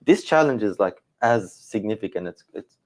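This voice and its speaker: A man's voice: lowish voice, lively intonation, moderate pace. A man teaching the Quran in a scholarly discussion, thinking aloud, hedging and correcting himself as he goes.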